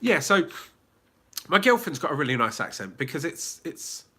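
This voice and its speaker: A chatty English livestream host with a southern accent answers questions in a casual live Q&A, reading the chat aloud with frequent fillers and restarts. He speaks at normal speed in a fairly high, sing-song voice that is sharp with a breathy edge.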